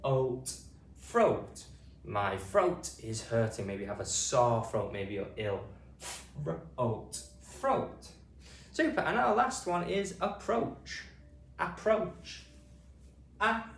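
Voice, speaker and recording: Slow, lively British phonics teacher. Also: male voice, recorded from a distance. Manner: slow, drawn-out sounding-out of words with lively pitch. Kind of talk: slow, clear teaching to camera. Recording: roomy echo, voice off-mic, faint ambience.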